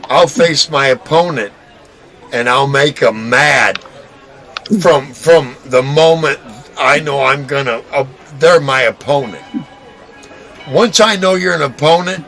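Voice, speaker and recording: Boastful, high-voiced man with music behind. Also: takes it slowly, poor audio. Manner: boastful, swearing, stammering restarts, acts out punches with shouted sound effects. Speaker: podcast host. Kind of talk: casual bar-room chat.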